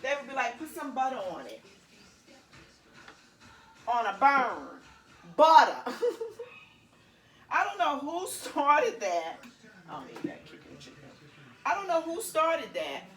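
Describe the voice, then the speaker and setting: In her home kitchen, a woman vlogger with a high voice gives a casual cooking demonstration. The audio is reverberant, and she chats playfully with viewers, tossing in laughing asides.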